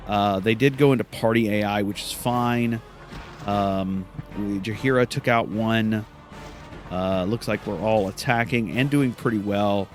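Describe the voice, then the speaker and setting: Man, lowish voice, casual game commentary, rambling with fillers and self-corrections, soft music underneath. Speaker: let's play host.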